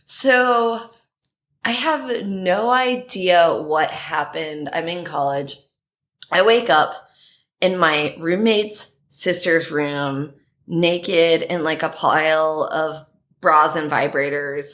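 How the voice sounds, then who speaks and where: A woman guest telling personal stories in casual chat, animated and laughing often. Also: slow pace. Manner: animated, laughing often, quoting herself in higher voices. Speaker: podcast guest.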